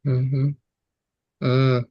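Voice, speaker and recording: A man in the audience answers the speaker in short, very slow murmurs. His voice sounds dull and muffled, as if the recording has lost its highs. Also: completely flat delivery. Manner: short affirming responses. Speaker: audience member.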